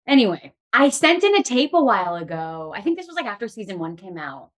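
Laughing Californian actress, chatty. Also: female voice, medium pitch, quick pace. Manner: laughs often, animated. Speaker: actress guest. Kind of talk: casual interview chat.

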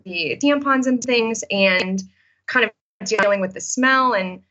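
A woman's voice: on the high side, measured pace, pushed and bright, highs cut off. A woman teacher talking casually in an interview, with many fillers and restarts. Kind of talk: interview answers, storytelling.

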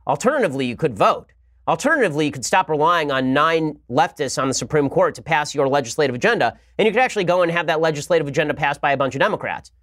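A man's voice: fairly high pitch, animated, fairly bright tone, no echo, studio quality. A man hosting a podcast, delivering a sarcastic, combative political commentary monologue. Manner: rapid-fire delivery. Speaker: podcast host.

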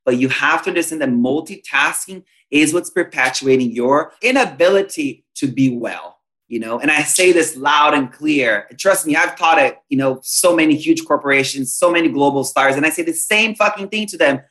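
A man's voice: a little high, moderate pace, a bit bright. A man, a spiritual teacher, talking as a podcast guest in an earnest, emphatic, teacherly way. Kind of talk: podcast conversation.

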